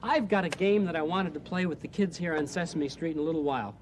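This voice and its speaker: A man hosting a children's TV show, speaking in a gentle, soft-spoken and coaxing way. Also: on the high side, fast talker, crowd noise. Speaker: host. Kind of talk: children's TV presenting.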